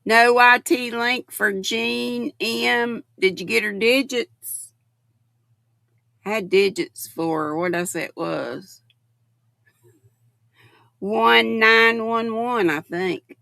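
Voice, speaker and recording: A woman's voice: mid-range voice, slow pace, creaky, long pauses, bright, forceful tone, no room sound, studio quality. A woman in her sixties hosting a casual livestream, chatting affectionately and reading viewer comments aloud. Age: 60s. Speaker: livestream host.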